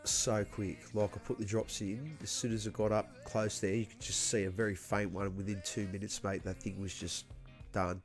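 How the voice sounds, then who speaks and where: Bloke, lowish voice, easygoing and sweary, coughing, faint music under him. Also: male voice, little pitch movement, moderate pace. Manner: laid-back, swears a lot, matey. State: coughing after illness. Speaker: livestream host. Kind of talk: casual chat.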